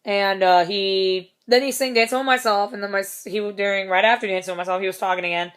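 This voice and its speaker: A woman's voice: medium pitch, steady tone, fast talker, fairly bright tone, smooth. Chatty young woman swearing through a story. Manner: chatty, swears a lot, laughs often, acts out quotes. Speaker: concert fan telling a story. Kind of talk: casual storytelling vlog.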